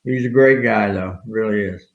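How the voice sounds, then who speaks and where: A man's voice: fairly low pitch, moderate pace. An older man, a retired wrestler, telling rambling, good-humored anecdotes in a casual interview, recorded with a roomy, dull lo-fi sound.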